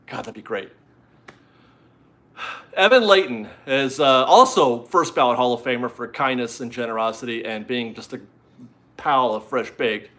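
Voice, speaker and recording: A man's voice: medium pitch, moderate pace, pauses often, sharp tone. A man hosting a casual live stream from home, chatty and rambling as he reads out viewer messages and is easily amused.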